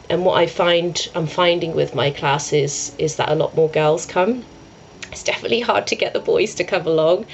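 Low, gravelly-voiced woman telling a story. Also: a little hiss or hum, low-quality recording. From England. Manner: earnest, rambling, many restarts and "I was like". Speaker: yoga and meditation teacher, podcast guest. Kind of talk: conversational storytelling.

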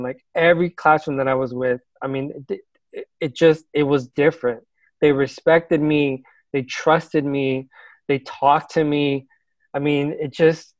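Male teacher, earnest storyteller, slightly high voice, dry close sound. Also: no room sound. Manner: earnest, reflective, laughs now and then. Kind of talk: casual personal storytelling.

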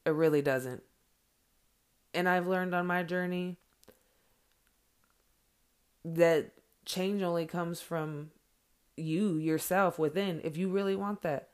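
A woman and mother talking straight to her followers in an earnest, blunt monologue, swearing freely and filling pauses with "like" and "um". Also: sits low. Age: adult with children. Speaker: vlogger addressing followers. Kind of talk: heartfelt direct-to-camera monologue.

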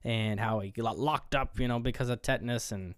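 A man co-hosting a casual film review podcast, walking through scenes in a loose, rambling way and swearing freely. His voice sits at an ordinary middle pitch. The sound is close and dry, with no room around it. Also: fairly quick, clear, resonant tone, no room sound. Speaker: podcast co-host.

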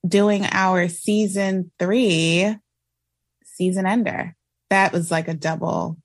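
Laughing, husky-voiced woman podcast co-host. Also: on the low side, steady tone, slow pace, no room sound. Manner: playful, laughs often, interrupts to correct. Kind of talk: casual chat.

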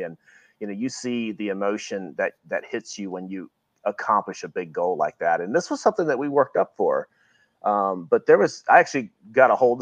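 A man's voice: lowish voice, no echo, highs cut off. A middle-aged man from Virginia, a guest talking earnestly and reflectively in a casual interview, often restarting his phrases. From Virginia, USA.

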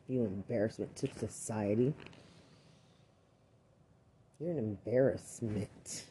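A man pours out an angry, accusatory rant, cursing constantly. His voice is very dark and mellow. He talks slowly, with heavy pauses between his bursts. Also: on the low side, a little hiss or hum. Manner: furious, accusatory, swears constantly. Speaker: army veteran.

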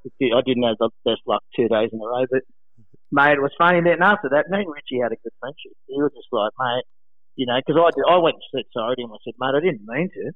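A former pro surfer tells animated anecdotes in casual storytelling chat, acting out voices and laughing a lot. He speaks quickly at a medium pitch, and the sound is dry and narrow, like a phone.

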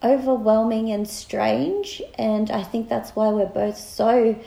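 A woman's voice: fairly high pitch, slow pace, gravelly, mellow, echoey room, low-quality recording. A woman in her thirties with an Australian accent, co-hosting a casual podcast chat in a chatty, giggly way. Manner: chatty and giggly, with laughing asides. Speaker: podcast co-host.

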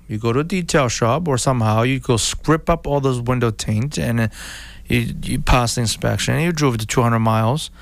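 A car dealer with a gravelly, medium-pitched voice talks casually to viewers at a moderate pace, with no room sound. He rambles, repeating himself and restarting, and acts out what people say.

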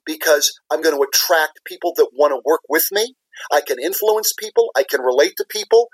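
Husky earnest man, fairly high voice. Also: expressive, a little fast, no echo, poor audio. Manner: earnest, explanatory, repeats key words for emphasis. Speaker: guest, business leader and former CFO. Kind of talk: podcast interview answers.

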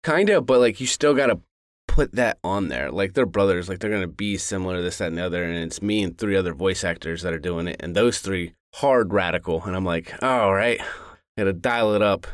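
A man's voice: deep voice, a little fast, dry recording, studio quality. A man co-hosting a podcast in casual chat, laid-back and profane, laughing often. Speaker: podcast co-host, voice actor.

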